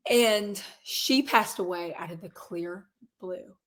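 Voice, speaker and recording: A woman's voice: medium pitch, slow, fairly bright tone. A woman in her twenties, a guest in a casual interview, talking earnestly and rambling through restarts and quoted asides. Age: 20s. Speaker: guest, singer and real estate agent.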